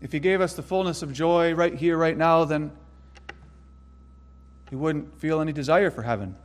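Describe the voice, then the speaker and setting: A man preaching a sermon, earnest and emphatic, slowing down to stress key phrases. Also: a little high, long reverb tail. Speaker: pastor.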